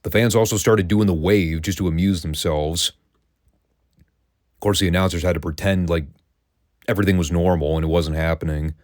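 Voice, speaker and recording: Deep-voiced guy ranting sarcastically on his podcast, swears a lot, dry close sound. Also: fairly even intonation, normal speed, long pauses, a little mellow, dry recording. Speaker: podcast host reviewing wrestling. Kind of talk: scripted sarcastic review.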